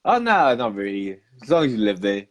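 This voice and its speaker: A man's voice: lowish voice, very animated. A man with a Welsh accent co-hosting a casual live video, laughing and reading out viewers' comments. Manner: unhurried, laughs often, reads out viewer comments. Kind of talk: casual live-stream chat.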